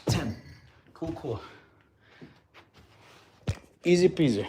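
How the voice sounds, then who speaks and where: Guy with a slightly high voice doing a laid-back fitness stream, chats with viewers, laughs easy. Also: normal speed, a little hiss or hum. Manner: relaxed, laughs often, reads chat questions aloud. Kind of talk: casual live-stream chat.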